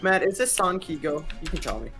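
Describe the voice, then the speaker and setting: Eager male player, slightly high voice. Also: animated, a little fast, bright, forceful tone. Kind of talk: casual tabletop game chat. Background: music.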